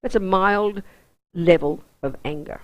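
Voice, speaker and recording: A woman's voice: medium pitch, unhurried, poor audio. An Australian woman, a Buddhist nun, teaching a weekend course in an intense, emphatic, down-to-earth way.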